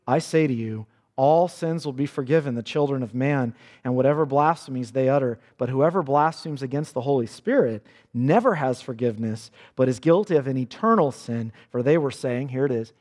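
A man's voice: medium pitch, moderate pace, hardly any pauses, a little mellow, long reverb tail. A male pastor preaching a sermon with earnest emphasis, quoting scripture dramatically.

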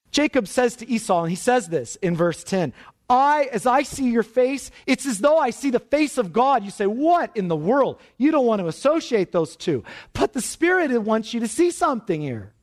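A male preacher with a high voice that leaps up and drops low as he works through the text. He keeps putting questions to his listeners. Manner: dramatic swings in pitch and pace for emphasis; asks the audience questions. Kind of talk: expository sermon.

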